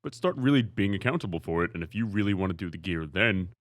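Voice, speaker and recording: A male podcast host with a low voice gives blunt, matter-of-fact advice. He talks casually. The sound is dry and close. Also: animated, fast, dry recording. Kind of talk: casual chat.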